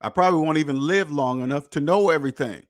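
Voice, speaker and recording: A man hosting a personal finance podcast in an emphatic, preachy monologue, repeating points and swearing, swinging between loud jabs and low muttered asides. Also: fast talker. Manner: emphatic, preachy, repetitive, with profanity. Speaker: podcast host.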